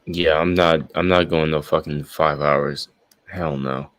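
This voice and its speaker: A young man who sounds high, rambling and swearing freely as he casually signs off his live stream. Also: fairly even intonation, a little slow, a bit bright, no room sound. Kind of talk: casual stream sign-off chat.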